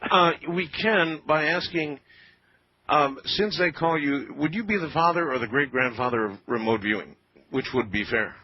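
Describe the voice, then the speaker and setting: Man, radio interviewer, husky, low-ish, halting questions, dull lo-fi sound. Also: no room sound.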